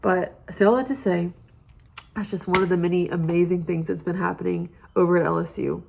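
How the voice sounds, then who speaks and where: A woman's voice: on the low side, fairly even intonation, fairly quick, gravelly, a little mellow, slight background noise. A young woman giving an earnest, heartfelt personal testimony about her campus ministry.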